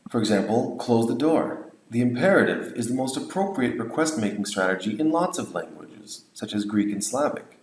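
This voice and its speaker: A man's voice: mid-range voice, sing-song, moderate pace, hardly any pauses, echoey room, low-quality recording. A man lecturing on language teaching, explaining points and modeling example phrases. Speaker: English teacher trainer.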